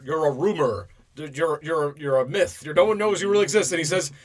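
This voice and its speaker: Lively, higher-voiced man recapping a film. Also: fairly quick. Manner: animated retelling of scenes, bits of mock dialogue. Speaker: podcast co-host. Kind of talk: casual film review chat.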